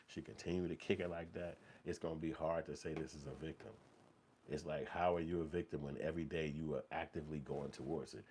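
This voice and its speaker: A man's voice: low-pitched, darkish tone, a little hiss or hum. A man giving heated, profanity-laden commentary in a blunt, repetitive rant.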